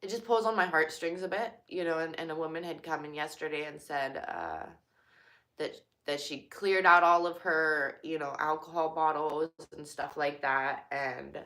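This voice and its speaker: A young woman talks casually and openly about her work as a cashier, leaning on fillers like "like" and "you know." Her voice is bright and forceful, set a little on the low side. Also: steady tone, normal speed. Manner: chatty, filler-heavy, heartfelt. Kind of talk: casual personal talk.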